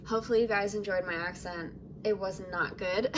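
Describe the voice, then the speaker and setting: A woman's voice: mid-range voice, normal speed, few pauses, fairly bright tone, a little hiss or hum, poor audio. A woman hosting a doll review vlog, talking chattily and laughing at herself. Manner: chatty, self-deprecating and affectionate. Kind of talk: casual vlog talk.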